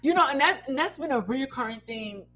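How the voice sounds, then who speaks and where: A young woman on a podcast with a bright, somewhat high voice. She speaks bluntly and openly, letting her thoughts run long through fillers and restarts. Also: expressive, low-quality recording. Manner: candid, blunt, drawn-out storytelling with fillers. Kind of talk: casual chat.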